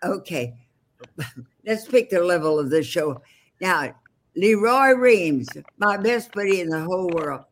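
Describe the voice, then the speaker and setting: A woman's voice: lowish voice, expressive, unhurried. An older woman, a veteran stage actress, telling bawdy, wisecracking stories on a video call from her home. She rambles with fillers as she goes. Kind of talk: casual storytelling on a video call.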